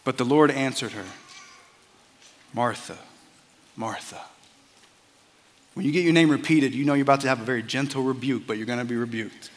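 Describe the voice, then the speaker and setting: A man's voice: mid-range voice, fairly even intonation, very fast, hardly any pauses, long reverb tail. A man preaching a sermon as a pastor, earnest and conversational, often repeating words as he starts a phrase.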